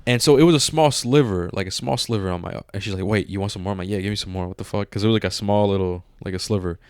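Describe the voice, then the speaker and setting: A man's voice: lowish voice, racing, clean tone, no room sound, studio quality. A man in his twenties co-hosting a podcast, telling a story in casual chat, swearing and acting out the dialogue. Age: 20s. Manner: animated, swears freely, acts out dialogue. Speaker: podcast co-host.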